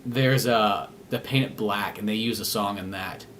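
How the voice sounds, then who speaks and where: A young man co-hosting a podcast in casual comedic chat, talking fast and swearing freely. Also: lowish voice, fairly bright tone, slight background noise. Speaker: podcast co-host.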